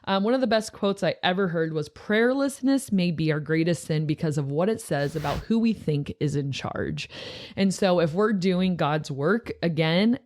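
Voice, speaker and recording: A woman's voice: low voice, darkish tone. A young woman who is a youth pastor, talking casually and earnestly on a podcast, with many filler words.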